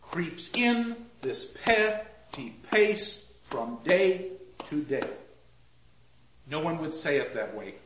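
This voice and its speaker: A man teaching a class on poetry, reading lines aloud slowly and rhythmically and putting questions to the students. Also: fairly high pitch. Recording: roomy, dull lo-fi classroom recording.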